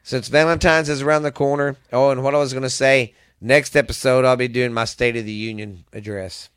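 A podcast host chatting casually, making crude jokes, singing along and breaking into loud outbursts. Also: mid-range voice, fairly even intonation, a little fast, smooth, no room sound, studio quality.

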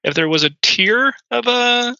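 A man's voice: extremely high pitch, expressive, a little slow, gravelly, sharp tone, no room sound. A man as a podcast guest in casual chat, rambling with lots of ums and uhs. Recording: dull lo-fi audio.

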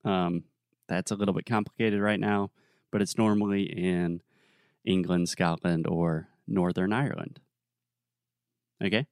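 A young adult man co-hosting a podcast, telling a story in a relaxed, casual way with plenty of fillers. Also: low voice, unhurried, long pauses, smooth, no echo, studio quality. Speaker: podcast co-host.

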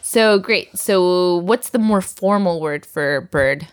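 A woman's voice: on the low side, slow, clean tone. A woman teaching a recorded language lesson, patiently drilling words and laughing often.

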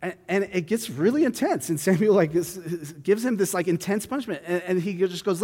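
A man reads a Bible passage and then explains it in a relaxed, conversational way, thinking aloud with fillers and restarts. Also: sits high, a little fast, few pauses. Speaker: Bible teacher. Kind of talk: reading scripture then explaining it casually. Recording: long hall reverb.

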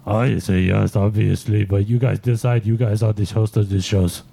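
A man voicing a jovial dead giant basketball star with a put-on French accent, talking slowly. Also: on the low side, steady tone, creaky, warm tone, slightly rough. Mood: jokey. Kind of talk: comedy podcast banter.

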